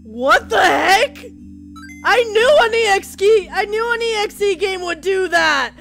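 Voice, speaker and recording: A woman's voice: extremely high pitch, animated, unhurried, gravelly, a bit bright, soft background music. A woman commenting as she plays a horror game, joking along and shrieking at the scares. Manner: jumpy, shrieks at scares, jokey banter. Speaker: video game player.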